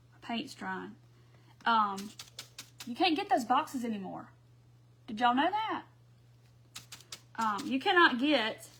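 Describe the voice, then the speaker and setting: Woman, craft livestream host, slightly high voice, chatty, faint hiss behind her. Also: a bit bright. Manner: chatty, laughs often, talks to viewers as y'all. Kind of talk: casual chatty craft demo.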